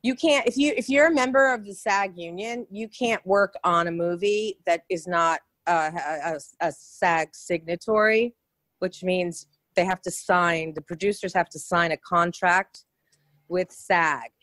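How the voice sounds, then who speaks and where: A woman's voice: on the low side, measured pace, no room sound. A woman, telling stories as a guest in a casual interview, with many restarts. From New York. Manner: chatty, animated anecdotes with many restarts. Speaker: actress guest.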